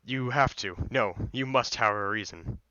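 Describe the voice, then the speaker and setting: Dude reading a cool defiant kid grilling a demon, smooth bright voice, dry dull mic. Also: male voice, medium pitch, moderate pace, no echo, lightly acted. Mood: demanding. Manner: blunt, demanding questions. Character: young man interrogating a demon, cool and defiant.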